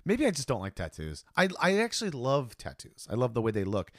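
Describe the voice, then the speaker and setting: A man co-hosting a podcast in casual chat, animated and acting out quoted voices. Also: mid-range voice, brisk, no room sound, studio quality. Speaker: podcast co-host.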